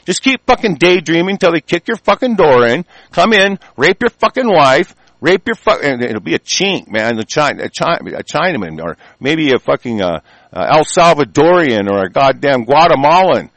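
A man's voice: on the high side, very animated, moderate pace, fairly bright tone, no echo. A man delivering an angry, heated monologue full of profanity and stumbling restarts.

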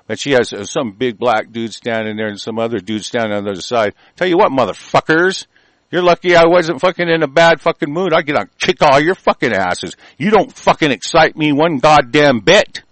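Angry man, profane talk-radio rant, slightly high voice, dry close sound. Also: no room sound. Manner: angry, cursing, loud and heated. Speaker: community radio host.

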